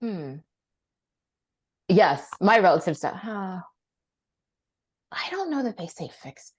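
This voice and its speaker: A woman's voice: mid-range voice, sing-song, takes it slowly, slightly rough. A woman co-hosting a podcast over a video call, chatting casually with emphatic agreement. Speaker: podcast co-host. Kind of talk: casual chat.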